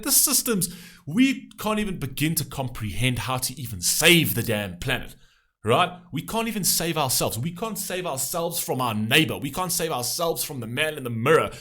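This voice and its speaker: A man reacting to a music video launches into an impassioned rant. His pitch swings widely as he pushes his points, firing off rhetorical questions and frequent curses at a middle pitch. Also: pushed and bright. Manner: passionate, ranting, swears often.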